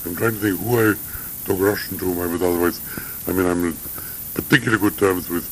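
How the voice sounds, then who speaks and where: A man's voice: low-pitched, fairly even intonation, quick pace, slight background noise, rough recording. An older man being interviewed, reminiscing in a rambling, hesitant way with many digressions. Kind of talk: recorded conversational interview.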